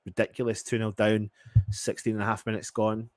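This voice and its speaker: A man from England doing live fan reaction commentary on a match, exasperated and swearing, swinging between low muttering and loud outbursts. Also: monotone, a little fast, dry recording.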